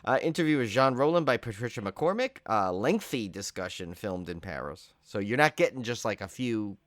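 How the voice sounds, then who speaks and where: A man's voice: fairly low pitch, expressive, normal speed, fairly bright tone, dry recording. A tired man co-hosting a podcast in casual chat, rambling and joking as he drifts off on tangents. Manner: rambling, jokey, wanders off on tangents. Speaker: podcast co-host.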